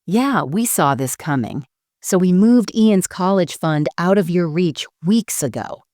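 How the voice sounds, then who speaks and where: A woman voicing a calm, steady husband who speaks firmly and grimly, in a dry recording. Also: fairly low pitch, measured pace, no room sound. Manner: calm, unwavering.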